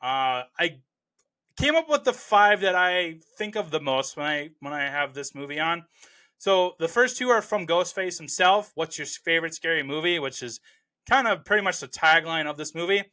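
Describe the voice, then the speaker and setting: A man hosts a movie review show, rambling casually and enthusiastically with plenty of "you know" and restarts. His voice is a little high, bright and forceful, with lively intonation at a moderate pace.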